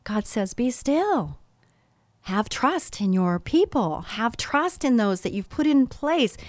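A woman's voice: medium pitch, big pitch swings, a little slow, no room sound. A middle-aged woman giving an earnest, emotional motivational talk about trust and faith, speaking as a business owner and coach.

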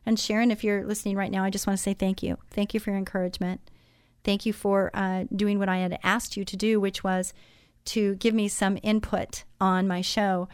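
A woman's voice: medium pitch, flat delivery, brisk, a little mellow, clean tone, no room sound, clean studio sound. A woman hosting a Christian radio talk show, speaking conversationally with many fillers.

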